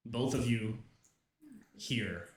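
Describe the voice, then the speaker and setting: A young man running a tabletop game as game master, casual and halting, with many fillers and restarts. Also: medium pitch, a crowd in the background. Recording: roomy, distant home mic.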